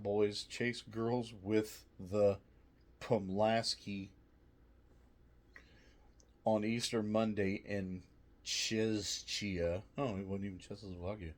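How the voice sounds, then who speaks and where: A man casually reviewing snacks, reading trivia aloud with jokey asides, swearing and laughing often. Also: lowish voice.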